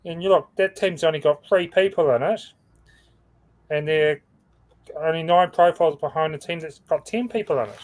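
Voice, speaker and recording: Male co-host on a video call, slightly high voice, easygoing scoreboard rundown. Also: moderate pace. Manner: talks through a scoreboard, stumbles over names. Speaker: co-host reading team standings. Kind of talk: casual livestream chat.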